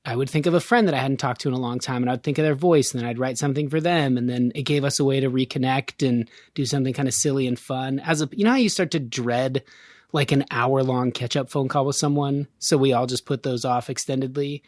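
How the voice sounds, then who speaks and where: A man as a podcast guest, telling a story in a relaxed, casual way. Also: medium pitch, quick pace, no room sound, studio quality. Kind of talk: casual chat.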